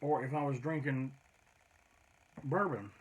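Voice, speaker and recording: A man's voice: medium pitch, steady tone, measured pace, slight background noise. A middle-aged man, a punk band singer, telling rambling, profane road stories in a casual monologue.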